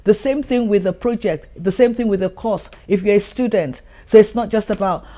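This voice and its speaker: A woman's voice: mid-range voice, normal speed, warm tone. A woman hosting her own channel, giving an earnest motivational talk and repeating her points for emphasis. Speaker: channel host.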